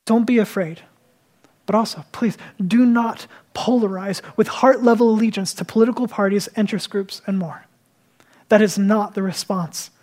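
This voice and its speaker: A man's voice: high-pitched, fairly even intonation, normal speed, darkish tone. A male pastor preaching an earnest sermon, emphatic and repeating his key phrases.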